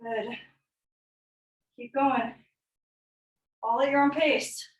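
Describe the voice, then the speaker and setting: The young coach's high, steady voice comes through extremely slowly as she leads a live workout session. Slightly out of breath, she gives encouraging prompts and counts down, and the recording is distant and echoey.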